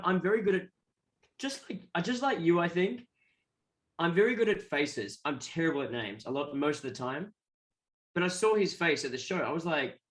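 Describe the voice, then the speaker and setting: An Australian guest musician with a slightly high, somewhat bright voice tells rambling stories in a casual interview, acting out the voices of the people he quotes.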